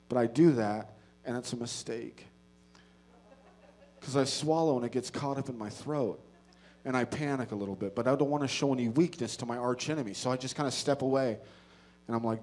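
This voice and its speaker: A man doing stand-up, telling a story with profane, animated delivery that swings between loud outbursts and low muttered asides. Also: fairly quick. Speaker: stand-up comedian. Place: comedy stage before a live audience.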